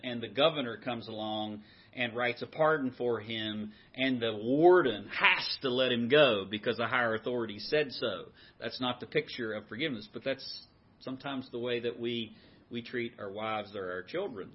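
A man's voice: mid-range voice, slightly rough, muffled recording. A man leading a men's Bible study, asking the group questions and repeating their answers. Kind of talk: interactive teaching.

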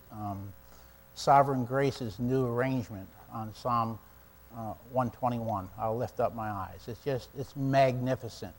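A man teaching an adult Bible class in a church room, talking conversationally and reading scripture slowly and emphatically. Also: mid-range voice.

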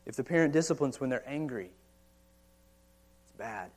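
The pastor, an American man in his thirties, has an expressive, slightly mellow medium-pitched voice at a moderate pace. Preaching in a church or meeting hall, he speaks conversationally with frequent rhetorical questions and casual asides.

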